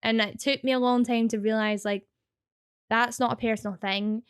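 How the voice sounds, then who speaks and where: Chatty Scottish woman, smooth and dry. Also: on the high side, fairly even intonation, dry recording. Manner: rapid, chatty, full of "like" fillers. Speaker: guest, streamer. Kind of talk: casual interview chat.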